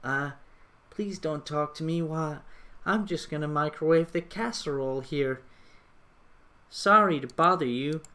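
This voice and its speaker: A man chatting on a live stream in an unhurried, drawn-out way. His voice is bright and sharp-edged, and he rambles, jokes at his own expense and lets sentences trail away. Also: fairly high pitch. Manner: rambling, self-mocking, trails off. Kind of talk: casual chat on a live stream.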